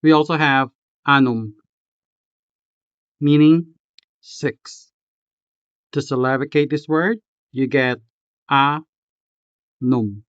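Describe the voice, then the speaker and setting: A man narrates a scripted language lesson, breaking words into syllables at an unhurried pace. His voice is smooth and clear. The recording is dry and a little dull. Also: medium pitch, no room sound. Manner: slow, careful, spells out syllables. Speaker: language tutor.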